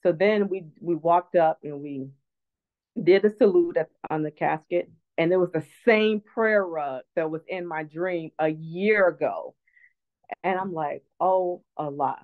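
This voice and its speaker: A woman's voice: on the low side, a little slow. Earnest woman over a tinny phone line. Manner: earnest, reflective, many restarts. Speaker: guest speaker. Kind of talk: personal storytelling in an online talk.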